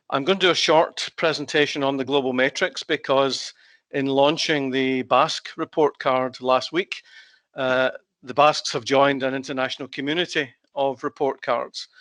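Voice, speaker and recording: A man with a Scottish accent giving an online conference presentation as a guest expert over a video call, measured and with frequent hesitations. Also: mid-range voice, a bit bright, no room sound. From Scotland.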